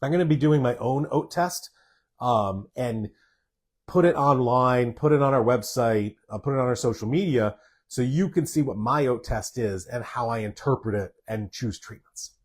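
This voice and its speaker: A male doctor fields viewer comments in a live Q&A, reading each question and answering it plainly and to the point. He talks at a moderate pace with a medium-pitched voice.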